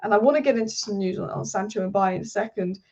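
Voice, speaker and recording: A woman hosting a football channel, talking through transfer news in a passionate, rapid-fire way. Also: mid-range voice. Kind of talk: casual football commentary monologue. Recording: slightly dull lo-fi audio.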